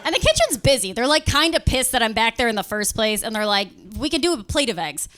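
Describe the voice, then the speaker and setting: A young woman does stand-up for a live crowd, acting out customers and bosses in rapid quoted voices as she tells a story. She speaks in a sing-song voice on the high side, with noticeable background noise.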